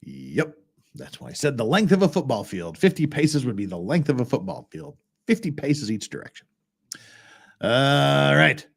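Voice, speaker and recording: A man's voice: mid-range voice, expressive, normal speed, vocal fry, breathy edge. A man, a lawyer, giving casual reaction commentary as he reads a blog aloud, talking conversationally with exasperated asides.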